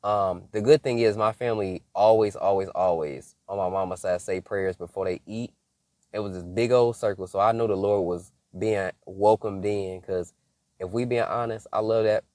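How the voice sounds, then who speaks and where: Animated young man telling a story. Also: lowish voice, normal speed, no echo. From Michigan. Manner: animated, laughing often, mock-scolding asides. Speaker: faith vlogger. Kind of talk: casual storytelling monologue.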